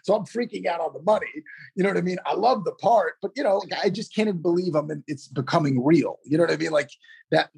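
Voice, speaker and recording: A middle-aged man, an actor guest, telling a story in a casual, animated way, full of "you know" fillers. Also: a little high, fast talker, creaky, slightly rough.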